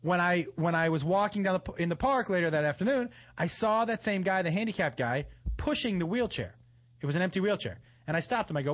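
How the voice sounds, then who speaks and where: A man's voice: high-pitched, fast talker. A man on a podcast telling a long, profane anecdote in casual chat, acting out the quotes. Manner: animated, profane, acts out quotes.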